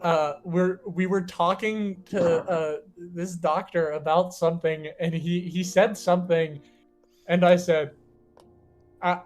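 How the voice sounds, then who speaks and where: A man co-hosting a podcast, in a casual chat, telling tabletop game stories in an animated way with many fillers. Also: high voice, takes it slowly, faint music behind. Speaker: podcast co-host and tabletop player.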